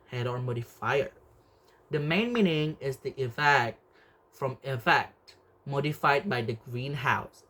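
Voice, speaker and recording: A young man, a student, reading out a class presentation in a halting way, often restarting words. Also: medium pitch, a bit bright. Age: young adult.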